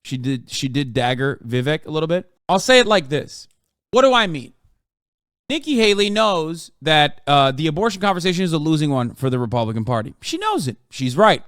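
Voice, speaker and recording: A man's voice: on the high side, big pitch swings, brisk, fairly bright tone, smooth, dry recording, studio quality. A man in his thirties streaming casual, profane commentary on a political debate, sarcastic and mocking. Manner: sarcastic, swears a lot, mocks in put-on voices.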